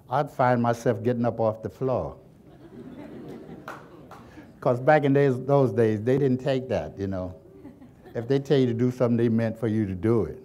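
An older man reminisces in an interview, spinning folksy stories from his childhood. He chuckles often and keeps the telling lively. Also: mid-range voice, normal speed, pauses often, a little hiss or hum. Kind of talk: storytelling reminiscence.

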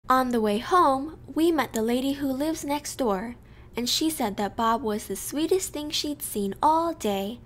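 A woman reading a children's picture book aloud, slow and expressive, telling it in a child's first-person voice. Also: high voice. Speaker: storyteller. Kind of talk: children's storybook read-aloud.

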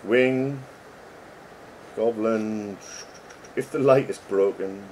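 A man's voice: on the low side, very slow, a little mellow, a little hiss or hum. A middle-aged man, a game developer chatting casually and joking as he reads code names aloud. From England. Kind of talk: casual commentary while reading code.

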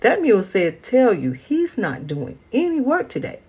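Kid farm boy woman doing him, lazy about chores, higher, bouncy. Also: wildly swooping pitch, moderate pace, warm tone, slightly rough, full character voice. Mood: boyish. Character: reluctant young farm boy.

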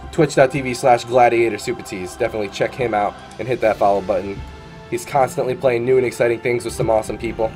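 A tournament caster and streamer with a medium-pitched, slightly mellow male voice calls a live esports tournament. Between matches he chats in an upbeat, talkative way, sprinkling in lots of "uh" and "man."

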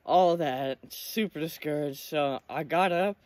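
Excitable teenage boy, high and dry. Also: a little slow, no room sound. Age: teens. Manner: excited, emotional storytelling with repeated words. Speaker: hunting vlogger. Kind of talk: casual storytelling to camera.

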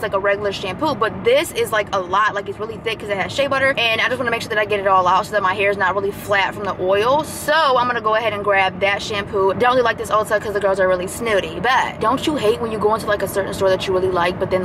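A woman's voice: medium pitch, noisy background. A young woman with an American accent, chatting in a vlog, rambling with lots of fillers and preachy asides, recorded on a phone in a car. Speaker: vlogger. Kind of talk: casual vlog chat. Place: in a car, driving.

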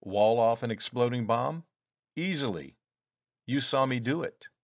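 A man's voice: mid-range voice, animated, a little slow, no room sound, lo-fi sound. A man reading aloud and voicing a small, rueful, evasive man who guards a secret, in a dry recording. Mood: confiding.

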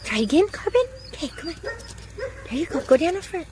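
A woman outdoors talking to puppies in a high, sing-song baby-talk voice. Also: lively intonation, a little fast, background noise. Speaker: dog owner filming puppies. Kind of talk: casual chat to puppies. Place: outdoors in a yard.

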